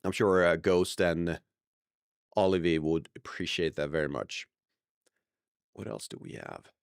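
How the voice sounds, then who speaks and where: A man's voice: sits low, unhurried, creaky, clean tone, dry recording, clean studio sound. A young man streaming live, chatting casually to viewers, rambling and correcting himself as he goes, laughing often.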